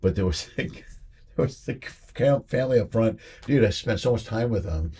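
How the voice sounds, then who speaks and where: A low, husky male voice in easy podcast conversation. He tells stories with energy and slips into the voices of the people he describes. The delivery is loose and conversational. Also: moderate pace. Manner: animated storytelling, acts out quoted voices. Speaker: podcast host and comedian. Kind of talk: casual chat.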